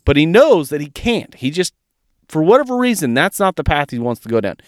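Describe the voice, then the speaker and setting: Male podcast co-host, slightly high voice, dry close mic, fired-up and profane, casual chat. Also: sing-song, fairly quick, no room sound. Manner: emphatic, profane, fired-up ranting.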